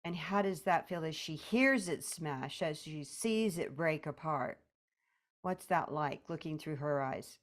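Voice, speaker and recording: A woman therapist leading a session, gently prompting and directing her client step by step. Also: sits low, unhurried.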